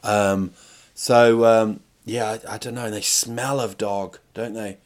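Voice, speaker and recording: A man's voice: lowish voice, steady tone, measured pace. A middle-aged man hosting a podcast, rambling through a crude comic monologue with stop-start phrasing and rhetorical questions. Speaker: podcast host.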